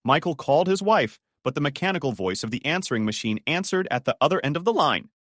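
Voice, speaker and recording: A man's voice: fairly high pitch, big pitch swings, fast talker, a bit bright, dry recording, studio quality. A man doing scripted dramatic narration in an emphatic manner.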